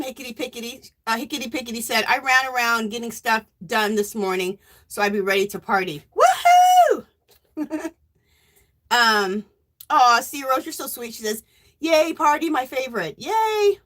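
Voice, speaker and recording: A woman hosting a casual crafting live stream, warmly greeting viewers by name and reading their chat messages aloud. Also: fairly high pitch, fairly quick. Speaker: livestream host.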